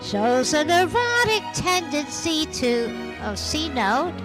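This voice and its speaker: A man's voice: very high-pitched, big pitch swings, takes it slowly, pitched below the performer's own voice, exaggerated voice. A man singing in character as a lovesick, comically fretful showgirl with a put-on accent, over a backing track. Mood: lamenting. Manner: theatrical, ends in a staged sneeze. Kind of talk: sung musical theatre number with backing track. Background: backing music.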